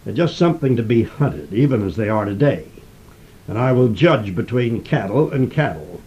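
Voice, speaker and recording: Guy reading bible verses and explaining them slow and firm, muffled old-sounding recording. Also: lowish voice, sing-song. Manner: reads scripture aloud, then explains it in a measured, emphatic way. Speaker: preacher. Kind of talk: sermon-style Bible teaching.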